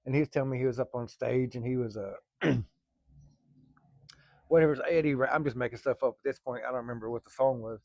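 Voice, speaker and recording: A middle-aged man with a gravelly, fry-edged drawl talks in an easygoing, rambling way. His folksy storytelling sounds close and dry. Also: mid-range voice, fast, darkish tone, no echo. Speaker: vlogger. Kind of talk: casual storytelling. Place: workplace, early morning.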